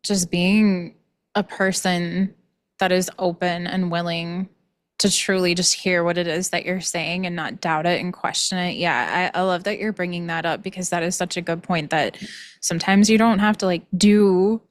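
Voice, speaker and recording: A woman's voice: fairly low pitch, steady tone, normal speed, no echo. A woman hosting a podcast interview who responds by affirming and agreeing with her guest. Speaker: podcast host. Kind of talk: interview conversation.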